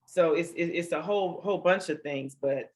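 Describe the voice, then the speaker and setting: Interviewer and board member, upbeat, emphatic, quick to laugh. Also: medium pitch. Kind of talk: conversational interview.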